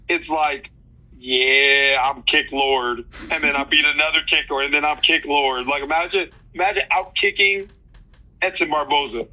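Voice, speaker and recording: A man's voice: fairly high pitch, sharp tone, dull audio. A man in his thirties, a fighter talking loosely in an interview, slangy, with many restarts. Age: 30s. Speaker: fighter guest. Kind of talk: casual interview chat.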